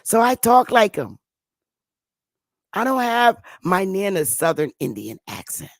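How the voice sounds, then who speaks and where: Unhurried and medium-pitched, this woman's voice swings widely as she hosts a talk show, lecturing viewers with emphatic repetition and elongated words. She's in her fifties with a Connecticut accent, and the recording has no room sound.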